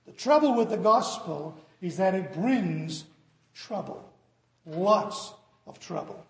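High-pitched guy preaching, lively storytelling then hammering his points, big echoey church. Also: slow, gravelly. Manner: animated storytelling, emphatic preaching. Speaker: pastor. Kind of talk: sermon. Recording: echoey reverberant hall.

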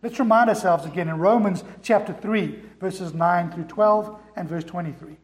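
High-voiced preacher in an echoey hall. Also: male voice, normal speed. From America. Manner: rhetorical questions, emphatic repetition. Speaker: pastor. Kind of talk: sermon.

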